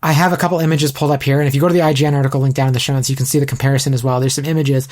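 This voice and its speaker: Brisk-talking podcast host man. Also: mid-range voice, flat delivery, darkish tone. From Canada. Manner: brisk, reads quotes aloud with asides. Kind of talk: casual podcast chat.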